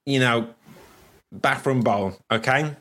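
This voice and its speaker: A man's voice: medium pitch, slow pace, fairly bright tone. A man from Wales hosting a casual livestream chat, chatty and rambling, laughing often. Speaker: host.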